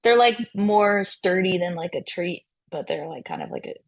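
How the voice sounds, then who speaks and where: A woman's voice: fairly low pitch, huge pitch swings, moderate pace, creaky, dry recording. A woman musician as a podcast guest, chatting casually, with many fillers and restarts and frequent laughter. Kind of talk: casual interview chat.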